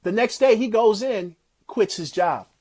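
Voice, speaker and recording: A man giving a motivational talk, retelling a success story in an animated, preacher-like way. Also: high-pitched, unhurried. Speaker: motivational speaker.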